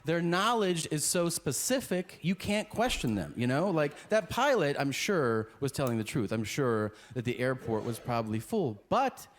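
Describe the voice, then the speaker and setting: A man's voice: a little high, very animated, normal speed, few pauses. A man performing a stand-up routine, telling stories and acting out the people in them. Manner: storytelling with voices of people he describes. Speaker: stand-up comedian. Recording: noisy stand-up clip.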